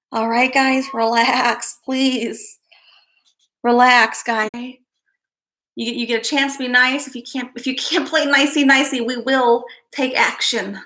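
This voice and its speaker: A woman hosting a casual live stream, chatting to viewers and reading their comments, giggling often and drifting into soft asides. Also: a little high, fairly even intonation, slow pace, long pauses.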